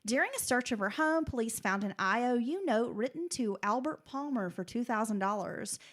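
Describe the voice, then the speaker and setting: A woman co-hosts a true crime podcast, reading her script at a steady clip. Now and then she slips into a casual, conversational aside. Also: a little high, moderate pace. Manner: steady reading, breaks into chatty comments. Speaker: podcast co-host.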